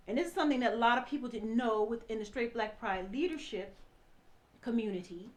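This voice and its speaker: Earnest woman recounting a painful story, higher-pitched. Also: fairly quick. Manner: earnest, repeats herself while recounting events; addresses listeners directly. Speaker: ex-wife telling her story. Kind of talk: personal testimony.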